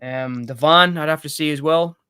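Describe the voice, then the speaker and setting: A man's voice: a little high, moderate pace, sharp tone, clean tone. A man chatting casually about films as co-host, laughing often and trailing off. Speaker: podcast co-host. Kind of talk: casual chat.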